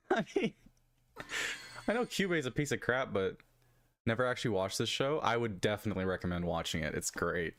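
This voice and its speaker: While streaming a game, a woman reads its story aloud and reacts with frequent laughs and incredulous disbelief in casual live commentary. Her voice is extremely low, expressive and fast, over soft background music.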